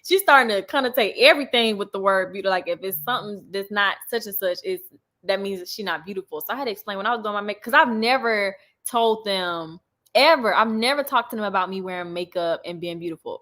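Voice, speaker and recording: A young woman talking casually to her livestream viewers, reading and answering comments as they come in. Her speech is loose and chatty, often broken by laughter. Her voice sits at an ordinary middle pitch. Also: animated, a little fast, a bit bright. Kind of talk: casual chat.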